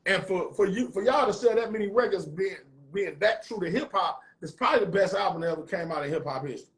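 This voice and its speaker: A man with a St. hosting a casual conversation, telling profane, animated stories. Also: high voice, quick pace, poor audio. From north side of St. Louis. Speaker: host.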